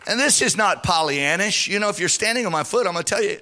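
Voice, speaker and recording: Bright-voiced preaching pastor, sing-song. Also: male voice, sits high, lively intonation, fast, a faint crowd. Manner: fervent, sing-song preaching with call-and-response. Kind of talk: sermon.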